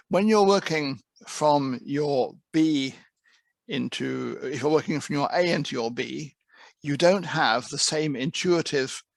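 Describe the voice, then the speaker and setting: Heading an interpreting course and teaching it too, this man speaks at medium pitch with vocal fry in a dry recording. His conversational presentation to trainee interpreters is marked by repeated words whenever he restarts a thought.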